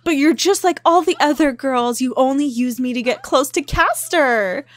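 Woman doing a jilted young guy: high, wounded, pleading, dry close sound. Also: moderate pace, dry recording, close to an everyday voice. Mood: heartbroken. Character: heartbroken young man pleading with his girlfriend.

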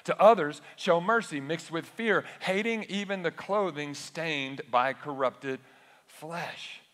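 A pastor with a slow, slightly bright, higher-pitched male voice preaches a conversational sermon in a church sanctuary. He keeps asking the congregation rhetorical questions. The recording carries the long echo of a church hall.

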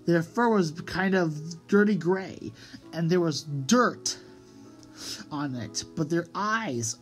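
A woman's voice: deep voice, lively intonation, a little slow, rough recording. A woman narrating a children's audiobook expressively, drawing out key words for emphasis. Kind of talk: storybook read-aloud narration. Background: music.

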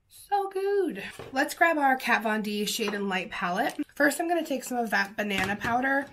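Woman, beauty vlogger, sniffly nose, gushing, casual makeup chat, mid-pitched voice. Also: a bit bright. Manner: gushing, chatty, lots of fillers and exclamations.

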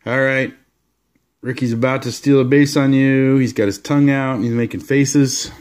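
A man in the middle of his pitch range talks loosely through a stack of sports cards in a home vlog. He drifts between relaxed commentary and bursts of enthusiasm, with rambling asides. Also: normal speed, smooth. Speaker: card collector showing his collection. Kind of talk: casual card-showing vlog.

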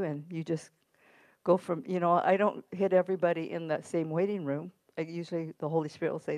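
A woman's voice: fairly low pitch, steady tone, fast, dark tone, no room sound. A middle-aged woman preaching in a church, telling a story in a conversational way and then urging her listeners on with emphasis. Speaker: guest preacher. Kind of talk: sermon with storytelling. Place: church sanctuary.

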